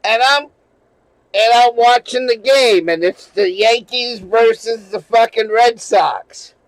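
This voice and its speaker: Profane rambling man with a high voice. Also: takes it slowly, no echo, low-quality recording. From New England. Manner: rambling, profane, laughing often, with many restarts. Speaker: channel host. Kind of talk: casual storytelling livestream.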